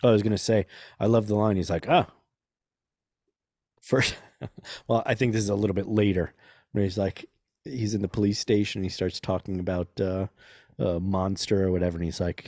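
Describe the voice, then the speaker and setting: A man's voice: lowish voice, level tone, moderate pace, long pauses, a little mellow, no room sound, clean studio sound. A man hosting a podcast, chatting casually and jokily quoting movie lines. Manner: jokey, quotes movie lines. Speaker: podcast host. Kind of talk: casual chat.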